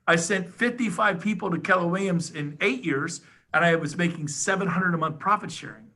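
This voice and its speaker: A middle-aged man giving an enthusiastic, emphatic sales pitch as a podcast guest. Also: pushed and bright. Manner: fired-up, rapid, emphatic, salesy. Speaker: podcast guest, real estate agent.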